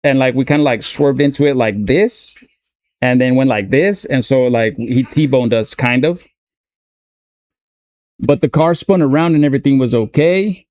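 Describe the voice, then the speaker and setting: A man's voice: medium pitch, moderate pace, a little mellow, dry recording. Laid-back man in his thirties. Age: 30s. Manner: casual, profane, laid-back. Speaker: gaming streamer. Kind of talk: casual storytelling.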